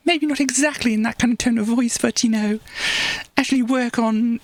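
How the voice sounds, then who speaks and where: A woman's voice: a little high, fairly quick, no echo. A woman streamer chatting casually on a live stream, rambling with frequent restarts and laughs, now and then slipping into playful put-on voices. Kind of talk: casual livestream chat.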